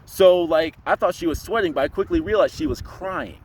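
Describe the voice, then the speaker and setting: Brief: quick-talking young male vlogger, rambling storyteller, slightly high voice. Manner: rambling, heavy on fillers like "you know". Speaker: spiritual vlogger. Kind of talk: casual storytelling vlog.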